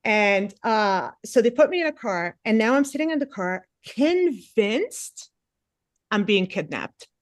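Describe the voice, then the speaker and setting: A woman's voice: medium pitch, big pitch swings, measured pace, no echo, clean studio sound. A woman in her forties doing stand-up comedy, telling a rambling self-mocking story and acting out the other people's lines. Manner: chatty, self-mocking, acts out quotes.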